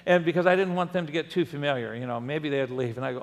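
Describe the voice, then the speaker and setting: An older man preaching a sermon, his voice fairly high for a man and full of animated swings. He tells stories with laughing asides. A long reverb of a church hall trails each phrase. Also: fast. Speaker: pastor.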